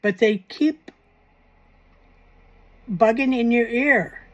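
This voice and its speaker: A woman's voice: on the high side, extremely slow. A woman hosting a paranormal channel, talking in a casual, rambling commentary with wry, self-mocking asides.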